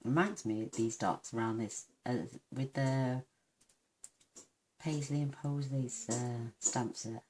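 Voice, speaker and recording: A woman from the United Kingdom demonstrating card making, soft-spoken and mumbling to herself, gushing over her work. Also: a bass voice, takes it slowly, a little hiss or hum. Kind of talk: crafting tutorial.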